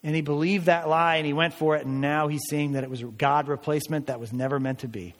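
A man with a fairly high voice preaches a sermon, earnest and rising to emphatic declarations as he works through scripture. His words ring out with a long reverb, as if spoken in a large hall. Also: steady tone, quick pace. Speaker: pastor.

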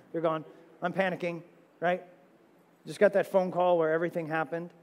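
A man preaching a sermon as pastor, animated, firing off rhetorical questions with sudden loud high exclamations. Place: church sanctuary. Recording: long reverb of a church sanctuary.

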